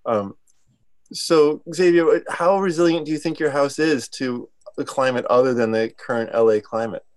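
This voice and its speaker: A man's voice: medium pitch, moderate pace, no echo. A man moderating a webinar over a video call, apologetic and friendly as he reads out audience questions. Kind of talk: hosting a webinar Q&A.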